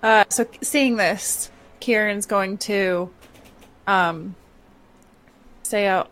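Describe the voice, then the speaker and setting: A woman's voice: mid-range voice, very slow, long pauses, fairly bright tone. A woman playing in a tabletop game, describing her character's actions with hesitant fillers. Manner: hesitant, questioning. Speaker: player. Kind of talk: casual tabletop play.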